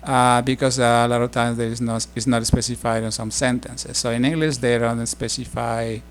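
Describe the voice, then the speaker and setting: A middle-aged man giving a casual spoken language lesson, explaining slowly with many fillers and restarts. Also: mid-range voice, flat delivery, slight background noise. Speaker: language teacher.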